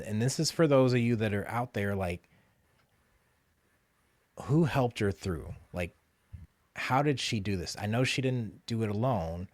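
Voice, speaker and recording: Deep-voiced man hosting a podcast. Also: no room sound. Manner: warm, searching questions with frequent restarts. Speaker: podcast host. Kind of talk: conversational interview.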